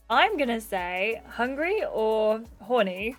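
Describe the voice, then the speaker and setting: A young woman reading a dating game aloud with excitable, gushing commentary. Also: fairly high pitch, moderate pace, faint music behind. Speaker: gaming YouTuber.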